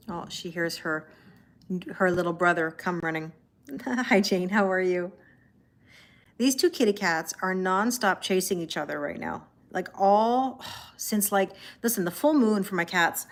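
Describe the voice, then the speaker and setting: Chatty woman hosting a tarot livestream. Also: unhurried. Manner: chatty, reads out viewer comments and answers them; coos softly to her cats in a high baby-talk voice. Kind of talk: casual live-stream chat with viewers.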